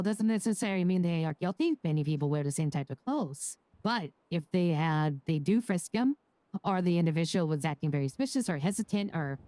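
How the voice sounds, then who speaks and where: A woman's voice: deep voice, warm tone, dry recording, lightly acted. A woman playing a nervous young law graduate. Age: young adult. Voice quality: hesitant, halting, many restarts. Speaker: job applicant, new law graduate. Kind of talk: role-play interview.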